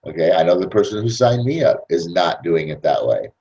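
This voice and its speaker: Animated persuasive male podcast host. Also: sits low, brisk, lo-fi sound. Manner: animated, persuasive, acts out scenes. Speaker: network marketing podcast host. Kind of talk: casual monologue.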